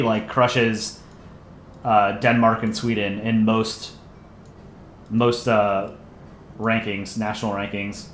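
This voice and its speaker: A man's voice: mid-range voice, fairly bright tone, slight background noise. A man with a mid-range voice chats casually on a livestream, joking and rambling as he reads out viewer messages. He sounds loose and self-deprecating. The room gives his voice a roomy echo, with faint ambience underneath. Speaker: livestream host and channel voice actor.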